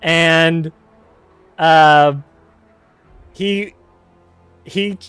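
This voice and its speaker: A man spins a casual, rambling story, often stopping to correct himself and adding wry, candid asides. His voice sits a little high for a man and sounds smooth and clear. The recording is dry and close, with no room sound. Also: fairly even intonation, extremely slow, a bit bright, no echo, faint music behind. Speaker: podcast host telling a personal story.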